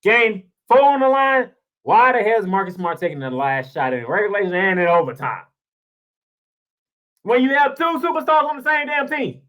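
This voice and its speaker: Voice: medium pitch, lively intonation, normal speed, fairly bright tone. A sports show host delivering a heated solo rant, sarcastic and casual, firing off rhetorical questions and repeating points for emphasis.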